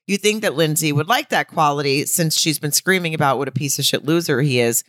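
A woman's voice: sits low, animated, a little fast, hardly any pauses, fairly bright tone, dry recording, studio quality. Blunt, exasperated woman podcaster. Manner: blunt, exasperated, swears freely. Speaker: podcast co-host. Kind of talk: casual chat.

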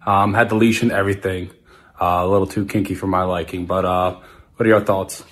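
Laid-back low-voiced man calling in. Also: level tone, a little fast. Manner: laid-back, greeting hosts by name. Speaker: caller leaving a question. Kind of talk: casual recorded question.

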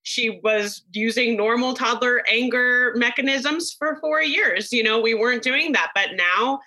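A woman in her thirties talks as a parenting expert in casual podcast chat. Her voice is bright and sits a little high, and she speaks with emphatic enthusiasm. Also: unhurried, rough recording.

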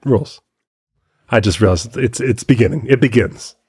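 Husky man in his forties, chatty. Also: lowish voice, fairly quick, a little mellow, no room sound, clean studio sound. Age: 40s. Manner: chatty storyteller, laughs often. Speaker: podcast co-host. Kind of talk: casual chat.

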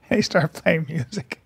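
Gravelly high-voiced man telling stories. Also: dry recording. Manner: profane storyteller, acts out quoted voices. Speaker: podcast co-host. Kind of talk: casual chat.

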